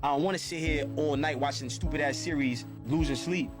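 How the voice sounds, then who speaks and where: A man with a high-pitched voice delivers a blunt, profane motivational monologue. He drives his points home by repeating phrases, with clear music playing behind him. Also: a little fast.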